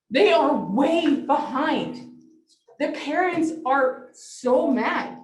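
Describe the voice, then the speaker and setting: A woman, a parent on the verge of crying, giving an emotional, pleading public comment. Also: sits high. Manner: emotional, near tears, pleading. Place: large meeting hall. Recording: echoey hall, distant mic.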